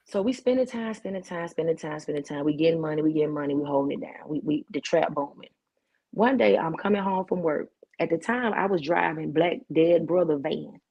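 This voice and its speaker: A woman's voice: lowish voice, creaky, warm tone, breathy edge, muffled recording. A woman who is a talk show guest, telling her life story vividly with street slang and lots of repetition.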